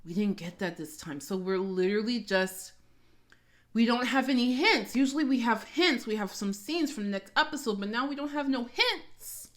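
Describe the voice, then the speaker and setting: Excitable woman doing reaction commentary. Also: a little high, moderate pace. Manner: excitable, dramatic, repeats exclamations. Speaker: reaction video host.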